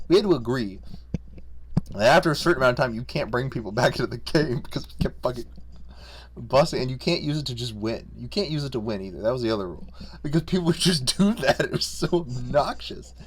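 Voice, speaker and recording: A young man casually ranking games he played, profane, rambling and jokey, unscripted. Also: mid-range voice. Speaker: video creator. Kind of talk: unscripted casual game rundown.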